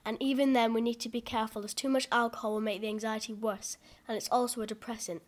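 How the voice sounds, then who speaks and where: A man's voice: very high voice, flat delivery, fast talker, voice pushed up. A man doing a wry woman volunteer.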